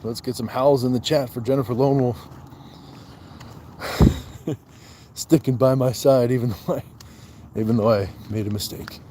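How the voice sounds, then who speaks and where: A man's voice: mid-range voice, fairly even intonation, moderate pace, pauses often, dark tone, a little hiss or hum. A man hosting a casual livestream. He jokes, greets viewers by name, reads out chat comments and counts his push-ups aloud. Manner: joking, talks to viewers by name. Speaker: livestream host.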